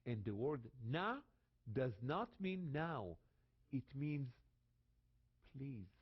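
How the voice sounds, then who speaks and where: A man's voice: medium pitch, big pitch swings, takes it slowly, husky, lo-fi sound. A man from Israel with an Israeli accent, teaching about the Bible in a dramatic way and repeating phrases for emphasis. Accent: Israeli Hebrew. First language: Hebrew.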